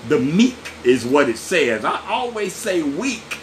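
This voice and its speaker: A man preaching with a swinging, animated voice that sits a little higher than most. He keeps it folksy and chatty, tossing asides straight to his listeners. A faint hiss of noise sits under the recording. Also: a little slow, hardly any pauses. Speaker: pastor. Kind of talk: sermon.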